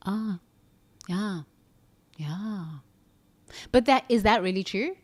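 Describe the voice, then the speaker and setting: A woman's voice: medium pitch, takes it slowly, long pauses. Brief: earnest woman self-help speaker, coaching tone, asks and answers her own questions. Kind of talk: reflective motivational monologue.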